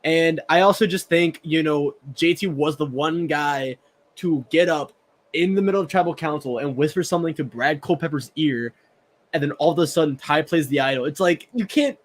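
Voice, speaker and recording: A man's voice: fairly high pitch, normal speed. A man with a Southern American accent co-hosting a podcast, chatting casually and often repeating words as he starts a sentence. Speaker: podcast co-host. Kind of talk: casual chat.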